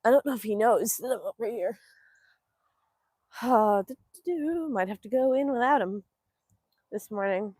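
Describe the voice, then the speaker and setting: A woman's voice: on the high side, expressive, moderate pace, long pauses, a little mellow, no room sound. A woman from Northeast Texas, hosting a casual livestream from an outdoor cow pen. She chats affectionately, answers viewer comments and coos to the animals in a sing-song baby voice. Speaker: livestream host.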